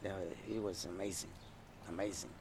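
A man's voice: deep voice, normal speed, noisy background. An older man from Panama with a Panamanian Spanish accent, a retired jockey telling stories in an interview. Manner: animated storytelling, trailing off quietly. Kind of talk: reminiscing interview.

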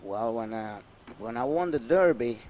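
A man's voice: medium pitch, normal speed. An older man from Panama with a Panamanian Spanish accent, a retired jockey telling stories in an interview. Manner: animated storytelling, trailing off quietly. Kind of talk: reminiscing interview.

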